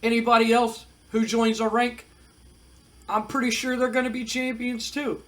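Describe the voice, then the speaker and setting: A man's voice: very high voice, level tone, normal speed, fairly bright tone, voice pushed up. A man voicing a laid-back, mocking male wrestler who drawls and coaxes, calling everyone man. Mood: mock hurt. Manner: drawling, coaxing, keeps saying man.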